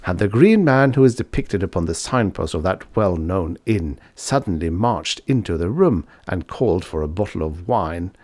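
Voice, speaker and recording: Lowish guy reading an old story, super lively, dry close sound. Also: dry recording. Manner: expressive storytelling. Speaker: audiobook narrator. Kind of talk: scripted narration.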